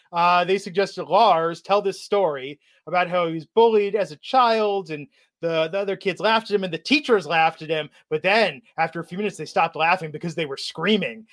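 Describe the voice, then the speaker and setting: Casting: male podcast host, high voice, sarcastic, mocking commentary. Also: a bit bright. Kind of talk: casual chat.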